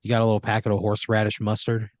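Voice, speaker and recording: A man tells an improvised story in second person, rambling with lots of fillers and asides. His voice is on the low side. The recording is dry, with no room sound. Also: monotone, racing, no echo. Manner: rambling, lots of "like" and "you know". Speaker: host running the improv story.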